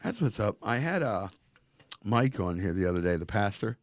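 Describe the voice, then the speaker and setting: A man's voice: lowish voice, sing-song, normal speed, dry recording, clean studio sound. A man hosting a podcast, asking easygoing, joking questions peppered with fillers. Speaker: podcast host. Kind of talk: casual podcast interview.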